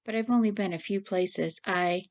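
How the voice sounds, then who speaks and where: A woman voicing a grieving young woman who rambles nervously in long rushes. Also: medium pitch, natural voice. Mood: rambling.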